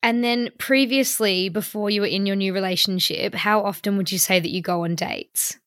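A woman's voice: medium pitch, fairly even intonation, moderate pace, a bit bright, no echo, studio quality. A young woman hosting a chat show, upbeat and asking questions. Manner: upbeat, chatty, asks questions. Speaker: podcast host. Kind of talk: casual chat.

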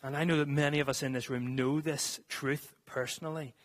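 A man's voice: on the high side, fairly even intonation, brisk. A man preaching a sermon to a congregation in a church, reading scripture and then explaining it earnestly, with some restarts.

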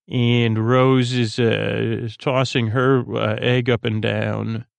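A man hosting a podcast, recapping an episode in a halting, meandering way with many fillers and restarts. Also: medium pitch, level tone, gravelly, clean tone, no echo. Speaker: podcast host. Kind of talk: rambling bedtime episode recap.

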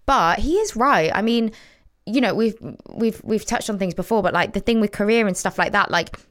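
A woman's voice: medium pitch, moderate pace, a bit bright. A woman in her twenties co-hosting a podcast, chatting in a candid, rambling way and swearing freely. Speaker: podcast co-host. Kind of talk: casual podcast chat.

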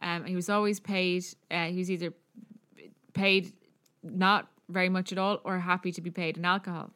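A woman's voice: fairly low pitch, flat delivery, normal speed, a bit bright, clean tone. Chatty Irish woman telling a story. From Ireland. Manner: chatty, profane, many fillers. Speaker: podcast co-host. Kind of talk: casual storytelling chat.

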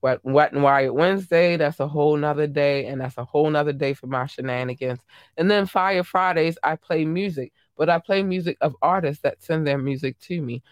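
A gushing, affectionate podcast host in casual livestream chat, calling listeners babies and darlings. The voice sits at a middling pitch but leaps from low murmurs to high squeals. The sound is dry and close, with no room around it. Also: fairly quick, dry recording.

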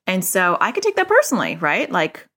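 A woman's voice: fairly low pitch, wildly swooping pitch, brisk, a bit bright. A middle-aged woman hosting a parenting podcast, talking in a casual, chatty way full of "like" and "you know".

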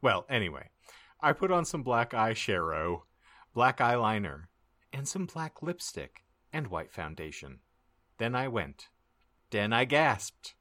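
A man hosting a comedy podcast, reading a story aloud in a mock-dramatic way and pausing to joke with his co-hosts. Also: lowish voice, dry recording. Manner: lively, mock-dramatic narration. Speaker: podcast host.

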